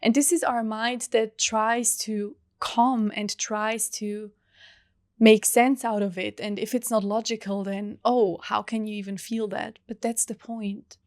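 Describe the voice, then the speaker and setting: A young woman hosting a reflective solo podcast, talking softly and earnestly with long pauses. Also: on the high side, level tone, no room sound, studio quality. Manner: soft, earnest, heartfelt, with drawn-out pauses. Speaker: podcast host.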